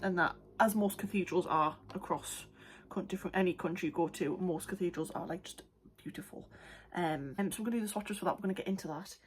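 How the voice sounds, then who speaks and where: A woman's voice: lowish voice, fast, hardly any pauses, a little hiss or hum. A young woman, an art vlogger chatting casually and rambling with many fillers. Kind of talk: casual chat.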